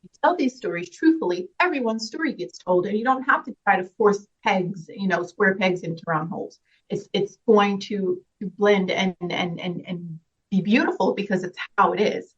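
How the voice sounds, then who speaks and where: A woman's voice: medium pitch, normal speed, husky. A woman being interviewed as a guest actress, speaking earnestly and reflectively and laughing often in casual chat. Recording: slightly dull, lo-fi sound.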